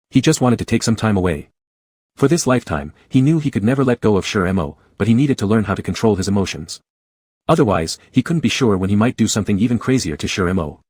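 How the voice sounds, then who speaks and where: A man narrating a romance comic story in a steady, even reading. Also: lowish voice, breathy edge, no room sound.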